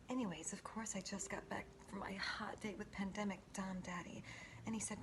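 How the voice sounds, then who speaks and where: A woman performing a comic monologue in a breathy, mock-seductive whisper, swearing often. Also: medium pitch, fairly even intonation, fairly quick, background noise. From United States. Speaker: comedic performer.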